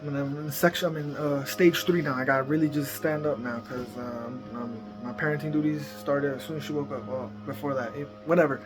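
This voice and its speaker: A man's voice: medium pitch, steady tone, brisk, few pauses, music in the background. A man giving casual, profanity-heavy parenting advice in a rambling, laid-back vlog monologue. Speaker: parenting vlogger.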